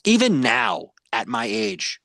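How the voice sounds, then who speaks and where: Man, podcast host, casual chat, rambling with fillers, lively swooping pitch, dry close sound. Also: slow, dry recording. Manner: rambling, many "you know" fillers.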